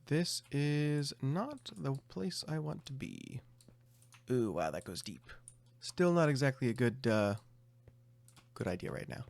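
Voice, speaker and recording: A man's voice: medium pitch, big pitch swings, measured pace, creaky, pauses often, darkish tone. Chatty man narrating his gameplay. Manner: chatty, thinks aloud with self-mocking asides. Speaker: gameplay commentator. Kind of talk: casual let's-play commentary.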